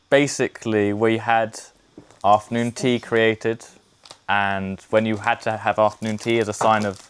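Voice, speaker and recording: A man casually explaining a bit of history, dry and teasing, unhurried. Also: on the low side, smooth. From United Kingdom.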